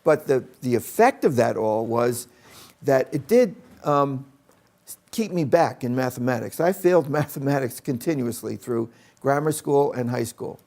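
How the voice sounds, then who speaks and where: An older man with a gravelly, creaky voice tells a personal story from his schooldays. He speaks like an educator at a mid pitch, in a loose, anecdotal style. He often stops to act out the people in the story. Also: expressive, measured pace, darkish tone. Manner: anecdotal, with acted-out quotes.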